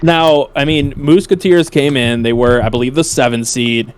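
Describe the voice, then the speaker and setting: Excited male esports interviewer. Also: medium pitch, smooth. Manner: excited, drawn-out emphatic phrasing. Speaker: esports caster interviewing winners. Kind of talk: post-match interview.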